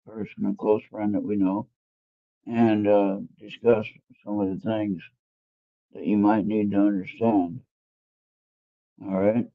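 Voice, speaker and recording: Gravelly low man on a tinny line. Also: dry recording. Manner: rambling, talks to himself while fumbling with his phone. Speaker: tarot reader hosting an internet radio show. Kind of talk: casual live spiritual reading and chat.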